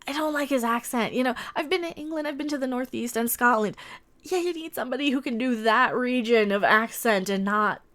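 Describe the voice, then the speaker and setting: A woman's voice: fairly high pitch, a bit bright. A woman commentator reading and mocking an article in a profane, sarcastic rant full of exaggerated exclamations. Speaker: online commentator reacting to an article.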